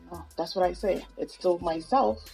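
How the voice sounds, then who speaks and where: A soft-spoken woman chats as a podcast guest. Her low voice has a gravelly fry, and she keeps her words quiet and restrained. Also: moderate pace, faint music behind, poor audio. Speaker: guest, YouTuber. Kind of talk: casual chat.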